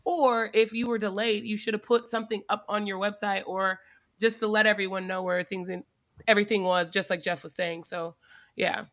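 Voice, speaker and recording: Woman cohost talking it through, bright sharp voice, chill chat. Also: medium pitch, fairly even intonation, brisk. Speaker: podcast co-host. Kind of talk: casual panel discussion.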